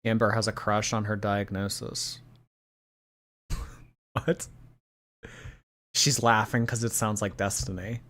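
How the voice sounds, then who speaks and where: A woman's voice: extremely low pitch, level tone, slow, pauses often, a bit bright. A woman hosts a casual livestream with a chatty, sarcastic manner. Her light lilt comes through as she reads viewer messages aloud and riffs on them. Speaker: host.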